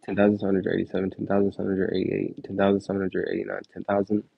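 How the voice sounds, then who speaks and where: A tired young man counts numbers aloud in a low, gravelly, husky voice that hardly rises or falls. The delivery is a plain, steady drone, and the sound is dry and a little dull, as if from a cheap close mic. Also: very fast, no room sound. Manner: steady monotone counting with casual chatty asides. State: tired and sore. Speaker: youtuber attempting a counting record. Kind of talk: long livestream-style counting marathon.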